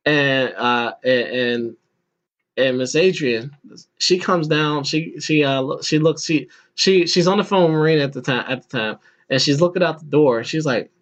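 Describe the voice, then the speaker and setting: Here the podcast host, a man in his thirties, has a fairly high, somewhat bright voice at a normal speed. Casually recounting a long personal story, he laughs frequently, restarts his sentences and acts out voices. The recording is muffled and lo-fi.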